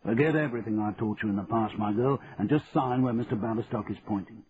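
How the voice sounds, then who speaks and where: Audiobook: man doing a brisk, confident gentleman, thin tinny sound. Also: fairly low pitch, lightly acted. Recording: tinny narrow band, faint hiss.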